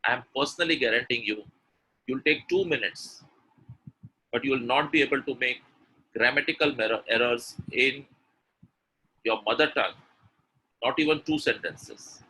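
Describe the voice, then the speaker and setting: Bright upbeat coach. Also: male voice, mid-range voice, normal speed, long pauses, husky, low-quality recording. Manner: quizzing the audience, contrasting word pairs, upbeat praise. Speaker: English pronunciation coach. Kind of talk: live webinar teaching.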